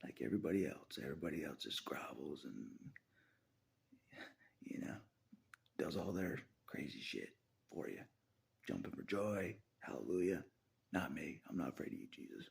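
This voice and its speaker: A man talking straight to the camera in a rambling casual monologue, often laughing and ranting out loud at God. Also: a bass voice, animated, moderate pace, vocal fry, long pauses, husky, whispered. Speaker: vlogger.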